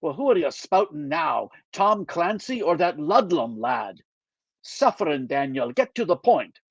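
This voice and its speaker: A gruff Scottish émigré man, dry and teasing, grumbling at his young companion, as an author voices him in a reading. His voice sits a little high and bright for a man. The sound is dull and dry, as if recorded close on a modest mic. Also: very animated, a little slow, no echo, heavily acted. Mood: impatient.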